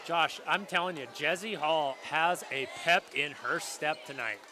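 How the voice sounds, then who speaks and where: A man's voice: a little high, a little slow, noisy background. A man doing color commentary at a school volleyball match, chatty and joking with his co-host. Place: school gymnasium.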